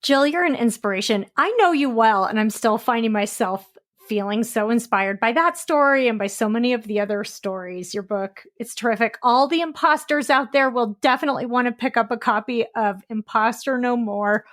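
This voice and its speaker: A woman's voice: a little high, moderate pace, fairly bright tone. A woman hosting a podcast interview, praising her guest with enthusiasm. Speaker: podcast host.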